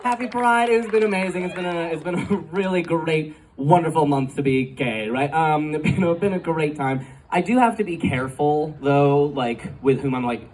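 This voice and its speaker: A man's voice: a little high, moderate pace, hardly any pauses, darkish tone. A man doing a stand-up comedy set in a live club, talking in a chatty way full of fillers and laughing at his own jokes. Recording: live club recording from a distance, crowd noise. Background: audience laughter and club ambience.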